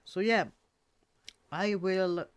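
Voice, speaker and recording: A man's voice: sits high, steady tone, slow pace, clear, resonant tone. A man co-hosting a podcast, chatting casually about a movie and often restarting his phrases. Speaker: podcast co-host.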